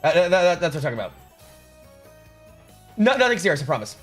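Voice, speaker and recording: A man's voice: on the high side, big pitch swings, fast. A young man live-streaming, chatting casually with his viewers and reading out their comments, joking sarcastically and often restarting his sentences. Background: faint music.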